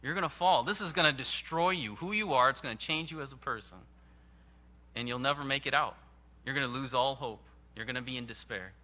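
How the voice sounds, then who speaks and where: A man preaching a sermon in an earnest, emphatic way, with sudden rises and hushed drops. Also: mid-range voice, a little fast. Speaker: pastor.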